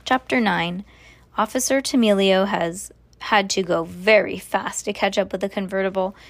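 A woman's voice: medium pitch, steady tone, normal speed, creaky, no echo. Woman reading a storybook aloud. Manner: casual asides with fillers. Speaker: parent reading to a child.

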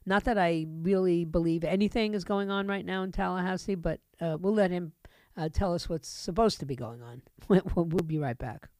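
A woman's voice: lowish voice, normal speed, darkish tone, no room sound. A woman hosting a talk radio show, delivering a sarcastic, indignant monologue from a studio microphone.

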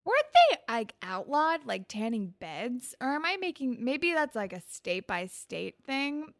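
Young woman, podcast co-host, higher voice with vocal fry, animated chatty recap. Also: measured pace, no room sound, clean studio sound. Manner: giggly, animated, lots of "like". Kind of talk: casual chat recapping a TV episode.

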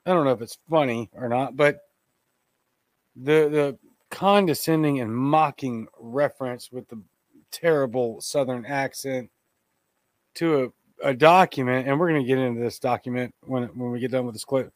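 A man's voice: medium pitch, moderate pace, no room sound. A man hosting a live podcast, giving blunt, indignant commentary on a TV clip and talking straight to his listeners. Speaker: podcast host.

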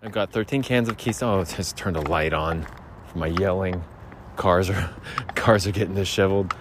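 A man's voice: low voice, normal speed. Erratic man riffing comedy bits into a phone outdoors, with faint road noise behind him. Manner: rambling, repetitive, erratic shifts between shouting and muttering. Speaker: podcaster. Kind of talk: rambling improvised comedy skits. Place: outdoors near a road at night.

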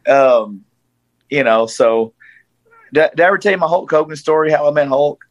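A man's voice: a little high, fairly quick, dry recording, low-quality recording. A man in his forties from Tennessee with a Southern accent, telling a story in casual chat and acting out the voices he quotes. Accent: Southern American. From Tennessee, USA.

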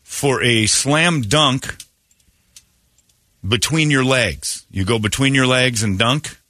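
Bright, animated man, joking radio host, dry studio sound. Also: medium pitch, takes it slowly, dry recording. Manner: loose, joking, rambling. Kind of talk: casual morning radio banter.

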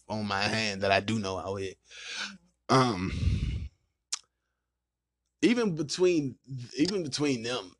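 A man hosting a casual podcast, ranting loudly and swearing as he vents about dating. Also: fairly high pitch, no echo, clean studio sound. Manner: loud, profane and ranting. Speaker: podcast host.

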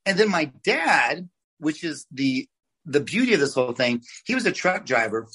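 A man in his forties from Oklahoma, a guest telling lively, salty stories from his childhood in a casual interview. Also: a little high, moderate pace, slightly rough, poor audio. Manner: animated, swears, acts out quoted voices. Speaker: guest, oral surgeon.

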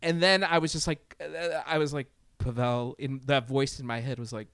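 A man in casual podcast chat, talking in a profane, animated way, with many fillers and restarts. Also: mid-range voice, normal speed, clear, resonant tone, no echo. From Latin America.

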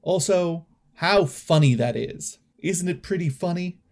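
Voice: medium pitch, lively intonation, measured pace, darkish tone, voice pushed up. A game master voicing Toffee, a regal, vain party host who fishes for laughs at a dance.

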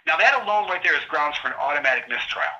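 A middle-aged man telling his own story of his trial in an animated, indignant way, acting out what guards and judges said. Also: a little high, quick pace, muffled recording. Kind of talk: passionate conversational account.

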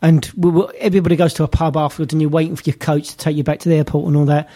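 Fast-talking, wisecracking male guest. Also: fairly high pitch, flat delivery, dark tone. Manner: quick, wisecracking. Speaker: podcast guest. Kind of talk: casual football podcast chat.

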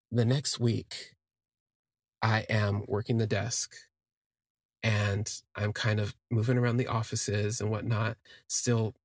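A man's voice: fairly low pitch, no echo, clean studio sound. A man telling a personal story on a podcast, rambling and correcting himself as he gushes. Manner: rambling, self-correcting, gushing.

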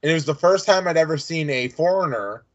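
A man's voice: on the high side, lively intonation, fast. A man co-hosting a TV recap podcast in casual chat, joking around and mangling names. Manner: jokey, playfully mangling names. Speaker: podcast co-host. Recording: muffled lo-fi audio.

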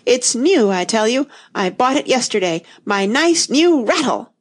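A woman's voice: mid-range voice, sing-song, normal speed, pitched above the performer's own voice. A woman reading an audiobook, voicing a quarrelsome, boyish twin brother who flies into fits of temper. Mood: furious. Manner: fussy and easily enraged. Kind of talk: audiobook character voice.

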